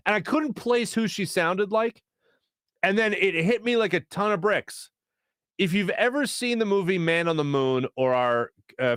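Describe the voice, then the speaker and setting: Philly sports host in his thirties, slightly high voice, lively and jokey, dry studio sound. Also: smooth, no room sound. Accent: Philadelphia. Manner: animated, rambling, jokey, lots of fillers and asides. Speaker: sports talk show host. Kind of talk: live show reading chat comments. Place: small studio. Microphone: studio mic.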